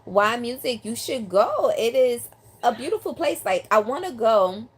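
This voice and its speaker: Reading viewer comments on her live stream, an older line dance teacher originally from New York City chats casually from her South Carolina home, with plenty of ums. Her voice runs on the high side with big pitch swings and an unhurried pace, recorded on a phone or handheld mic with slight background noise.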